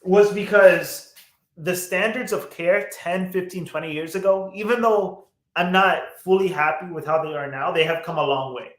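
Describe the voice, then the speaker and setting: A man's voice: high voice, moderate pace, fairly bright tone, reverberant. A man co-hosting a podcast in casual chat, blunt and swearing often, with lots of fillers and restarts. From United States. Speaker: podcast co-host.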